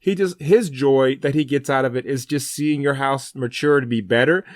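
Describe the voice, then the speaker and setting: A man's voice: mid-range voice, moderate pace, no room sound, studio quality. A man co-hosting a faith radio show, telling a story in an earnest, rambling, chatty way. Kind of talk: casual faith broadcast storytelling.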